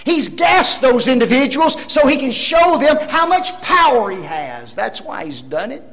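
A male preacher delivers his sermon in a high, lively voice that leaps up and down as he leans on each word. He talks slowly, with dramatic swings from loud declarations to near-whispered asides, and he keeps drawing the congregation in with rhetorical tag questions. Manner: addresses the congregation as folks.

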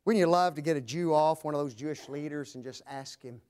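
A male preacher delivering a sermon, swinging dramatically between loud proclamation and hushed low tones. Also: brisk.

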